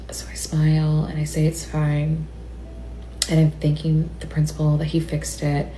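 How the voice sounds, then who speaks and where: A woman sharing a personal story in an emotional confessional video, upset and near tears, talking haltingly and often dropping to a whisper. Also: low voice, mellow, slight background noise. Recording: echoey room.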